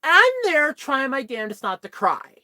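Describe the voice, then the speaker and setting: A young woman vlogging, telling a story in casual chat in an animated, exasperated way. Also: high voice, normal speed, no room sound.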